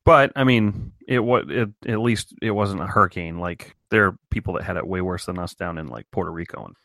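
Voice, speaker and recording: A man's voice: low voice, brisk, vocal fry, fairly bright tone, dry recording. A man co-hosting a casual podcast chat, joking in a dry, sarcastic way. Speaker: podcast co-host. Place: home in Maine.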